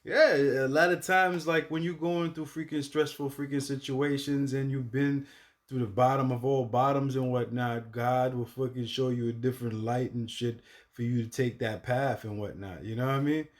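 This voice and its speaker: A man's voice: fairly even intonation, normal speed. Slangy, swearing male reaction host. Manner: loose slangy talk with frequent swearing and "you know what I mean"; bursts into loud, high exclamations. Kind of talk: casual reaction commentary.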